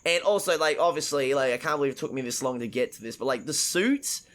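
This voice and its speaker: A man co-hosting a podcast, talking casually about films in a rambling, profane, excitable way, full of restarts. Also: mid-range voice, fast talker. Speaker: podcast co-host. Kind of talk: casual film discussion.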